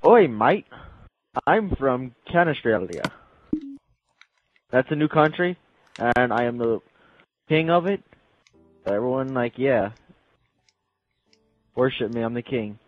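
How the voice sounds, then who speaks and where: A man's voice: medium pitch, animated, slow, pauses often, soft background music. A young man putting on a clumsy mock Australian accent to play a boastful man who crowns himself king of a made-up country, heard over a tinny party-chat line. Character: brash self-crowned Aussie-style king, adult man.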